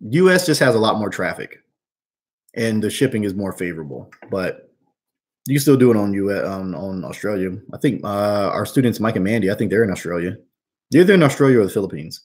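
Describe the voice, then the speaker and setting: Young man, casual Q&A host, slangy, says bro a lot, fairly low voice. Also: darkish tone. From New Jersey. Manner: slangy, laid-back, calls people bro and man. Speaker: host answering viewer questions. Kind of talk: casual live Q&A chat.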